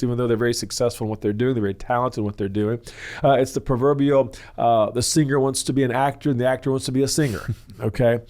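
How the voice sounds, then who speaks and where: On a church counseling show, a male host gives long, loose, rambling explanations in the teaching style of a question-and-answer program. He often stops for "uh" and "you know" and sometimes acts out the people he describes. His pitch is mid-range for a man, and his tone is steady and somewhat dark.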